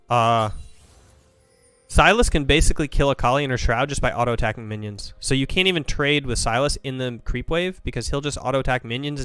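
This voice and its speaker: A man commentating a video game match, breaking plays down quickly and thinking aloud. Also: mid-range voice, a bit bright, clear, resonant tone, no echo. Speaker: esports caster. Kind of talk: play-by-play and analysis commentary.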